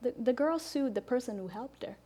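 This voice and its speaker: A young adult woman hosting a casual podcast chat, telling stories with lively acted-out dialogue. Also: a little high, a little fast. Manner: animated storyteller, acts out quoted dialogue. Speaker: podcast host.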